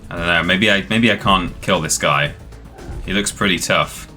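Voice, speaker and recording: Over faint game music, a streamer host with a low-pitched, bright, forceful voice talks at normal speed. He rambles chattily and enthusiastically about the game he's playing.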